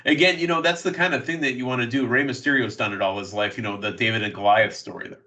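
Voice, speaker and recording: A man hosting a casual wrestling news podcast, recapping matches in quick play-by-play bursts. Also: medium pitch, steady tone, bright, forceful tone, recorded from a distance. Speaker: podcast host.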